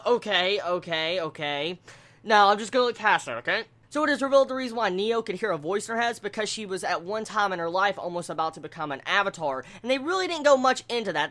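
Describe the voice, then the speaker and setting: Casual anime reviewer, bright and punchy tone, blunt reactions, loose rambling delivery. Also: mid-range voice. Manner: candid, exclamatory, blunt reactions.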